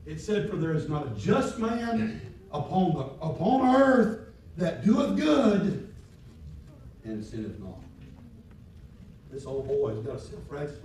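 Male preacher, high voice, colloquial and shouting, heard from afar in a roomy church with faint noise. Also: very animated, moderate pace. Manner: swings from quiet reading to shouted preaching; folksy, colloquial phrasing. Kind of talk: sermon. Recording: echoey hall from far off.

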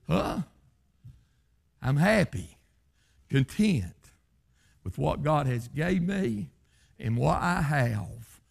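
A high, gravelly male voice, preaching a revival sermon. He swings wildly in pitch, climbing into shouted, chanting phrases before dropping to a low, quiet tone. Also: animated, a little slow.

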